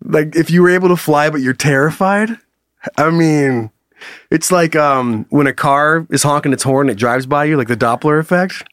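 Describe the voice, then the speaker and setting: A man co-hosting a comedy podcast in casual chat. He laughs often and breaks into loud, shouted character bits. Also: moderate pace, no room sound, clean studio sound. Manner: laughs often, jumps into high shouting impressions. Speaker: podcast co-host.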